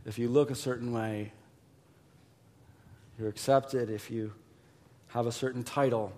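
A man preaching a sermon as pastor, emphatic and repetitive, dropping to a hush and then rising loud. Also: medium pitch, fairly even intonation, measured pace. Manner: emphatic, repeats words, swings from hushed to loud.

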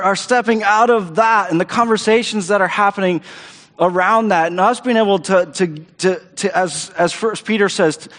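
Pastor, male, high voice, preaching live in a hall with long reverb, eager and repetitive. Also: a bit bright. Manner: enthusiastic, repeats words and restarts phrases. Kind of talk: sermon. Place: church auditorium stage.

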